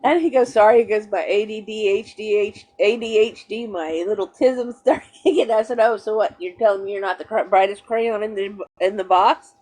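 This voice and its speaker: A woman's voice: mid-range voice, normal speed, few pauses, darkish tone. Woman, middle-aged, casual livestream host, chatty storyteller. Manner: chatty storyteller, greets viewers. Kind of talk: casual chat.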